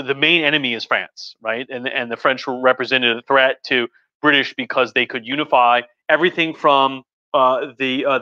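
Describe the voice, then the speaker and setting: A man's voice: medium pitch, sharp tone, no echo. A man, a history professor, giving a casual, rambling talk while a bit tipsy, full of fillers, restarts and jokey asides, recorded at home. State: tipsy from drinking. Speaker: history professor live-streaming. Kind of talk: casual lecture chat. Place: home living room with a couch. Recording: dull lo-fi stream audio.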